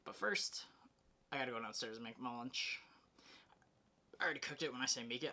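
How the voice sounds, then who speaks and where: Slightly breathless, a young man speaks fairly quickly in a mid-range, sharp-toned voice for a storytime vlog. His chatty, candid delivery includes fillers and self-corrections, and he moves from his home to his car.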